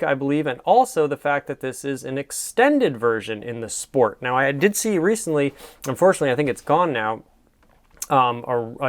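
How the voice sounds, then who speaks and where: A man's voice: medium pitch, clean tone. A man hosting a casual show where he comments on classified ads, talking in an admiring, rambling way with many fillers. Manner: soft-spoken sleep-friendly delivery. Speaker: host.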